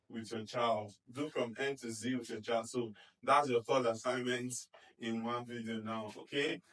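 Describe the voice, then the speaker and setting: Male phonics teacher, mid-pitched, encouraging and repetitive, recorded a little distant from the mic. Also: fairly bright tone. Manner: sounds out letters slowly, praises often with "fantastic"; checks in with repeated "okay?" and "do you understand?". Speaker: reading teacher. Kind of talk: phonics lesson.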